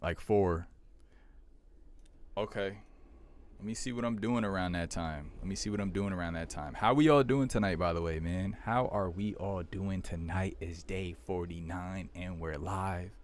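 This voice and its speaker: A man's voice: low voice, normal speed, a little hiss or hum. A young man hosting a livestream, chatting casually with viewers and repeating himself in a laid-back way. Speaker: livestream host.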